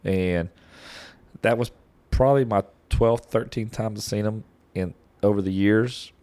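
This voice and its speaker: A man of about forty co-hosting a podcast, animated and often laughing as he tells a story in casual chat. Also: lowish voice, a little slow. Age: 40s. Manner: animated, laughs while telling stories. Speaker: podcast co-host.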